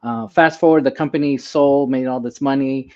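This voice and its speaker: An emergency doctor appears as a guest in a casual interview, telling personal stories as an animated storyteller who acts out the dialogue. His mid-range voice moves at a moderate pace, and the recording sounds slightly dull and lo-fi.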